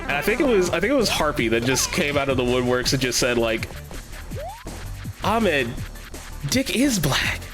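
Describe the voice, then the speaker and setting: A man's voice: medium pitch, sing-song, fast talker, hardly any pauses. A man streaming a game, chatting casually with his viewers, laughing often and swearing freely. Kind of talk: casual chat while gaming. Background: game music.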